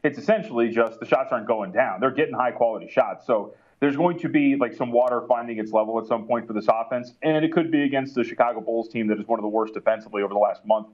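A man who works as an NBA analyst, giving sports betting analysis in a rapid way with lots of fillers. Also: medium pitch, darkish tone, highs cut off.

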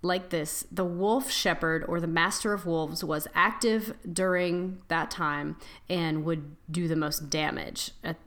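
A woman's voice: on the low side, fairly even intonation, fairly bright tone. A woman co-hosting a podcast, casually reading folklore from her notes and stumbling over words now and then. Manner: reads from notes with halting restarts. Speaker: podcast co-host.

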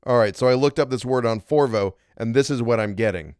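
A man's voice: mid-range voice, a little fast, a little mellow, clean tone, dry recording, studio quality. Self-mocking man reading ghost stories. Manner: self-mocking, breaks off to joke and grumble. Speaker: storyteller. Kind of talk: reading ghost stories aloud, with joking asides.

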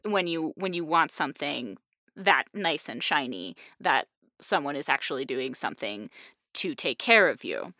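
Young woman host, lively bright delivery, dry close sound, casual chat. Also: sits low, normal speed, no room sound. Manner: animated, laughing, with many restarts. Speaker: podcast host.

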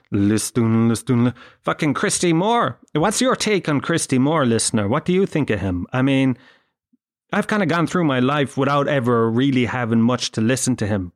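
Irish man, swearing comic rambler. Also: on the high side. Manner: profane, self-mocking storyteller. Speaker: podcast host.

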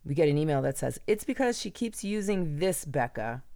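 A woman chatting casually on a podcast, telling animated stories and acting out her own panicked voice. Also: sits low, brisk, loud music behind the voice. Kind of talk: casual chat.

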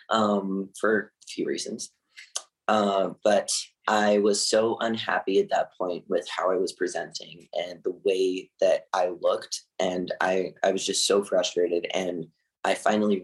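A young man from Canada, telling a personal story candidly and haltingly, with many fillers and nervous laughs. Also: sits low, low-quality recording.

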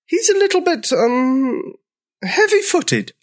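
A man voicing a kind, motherly female dinosaur with a gentle manner in a storybook reading. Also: very high-pitched, sing-song, slow, pitched above the performer's own voice, heavily acted. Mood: kindly. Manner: gentle, kindly. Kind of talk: storybook character voice.

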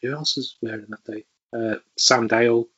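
A man's voice: mid-range voice, fairly even intonation, moderate pace, fairly bright tone, slightly rough, lo-fi sound. A man, a podcast guest, telling stories in a rambling way with many fillers. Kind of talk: casual storytelling interview.

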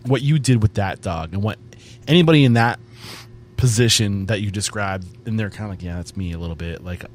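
Low-voiced male podcast host. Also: a little fast, faint music behind. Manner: steers the guest, loose rambling questions. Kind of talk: casual interview.

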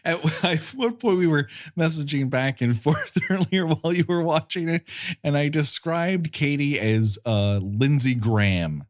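A man's voice: fairly high pitch, unhurried. A man co-hosting a casual movie review chat, wry and laughing often as he retells scenes. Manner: wry, laughing, acts out silly quotes. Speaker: podcast co-host.

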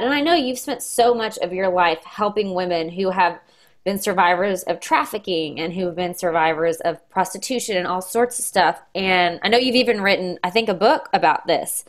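A young woman hosting a casual conversation, speaking warmly and emotionally, her voice choked up at times. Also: lowish voice, normal speed. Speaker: host.

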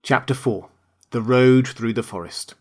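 A man narrating a classic children's tale in a calm, measured reading. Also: mid-range voice. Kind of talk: storybook narration.

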